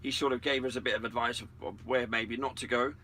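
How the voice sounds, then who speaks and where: Casual man, sarcastic banter, mid pitch, bright sound. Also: fairly even intonation, quick pace, a little hiss or hum. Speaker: channel host. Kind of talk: casual chat, greeting viewers.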